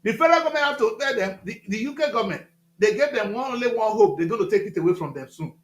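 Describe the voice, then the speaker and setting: A man with a Nigerian accent giving impassioned talk-show commentary, emphatic and repetitive, with loud outbursts. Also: high voice, animated, fast, roomy sound.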